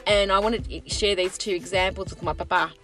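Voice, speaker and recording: Sicilian-born woman, theatrical chat guest, quiet music under her. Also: medium pitch, fairly quick. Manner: animated, theatrical, calls people darling, slips into Italian. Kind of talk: casual chat.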